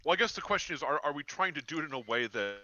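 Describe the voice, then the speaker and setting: A man's voice: fairly high pitch, animated, racing, pushed and bright, dry recording, muffled recording. A man playing a tabletop game, chatting in an easygoing, somewhat hesitant way. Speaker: player. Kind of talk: casual chat at a game table.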